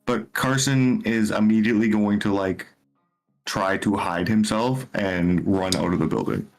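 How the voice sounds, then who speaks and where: A man's voice: fairly low pitch, a little slow, soft background music. A man playing a tabletop game, talking loosely with plenty of fillers. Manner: loose, filler-heavy talk. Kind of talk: casual chat.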